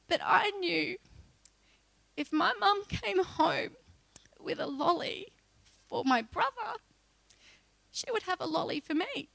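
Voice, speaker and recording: A high-pitched woman shares a personal testimony as a church speaker. Her voice is bright and the sound is close and dry, with no room around it. She moves between quiet narration and loud, emotional re-enactments of her own pleas. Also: expressive, slow, vocal fry, pauses often, no echo. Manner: emotional storytelling that breaks into loud pleading re-enactments.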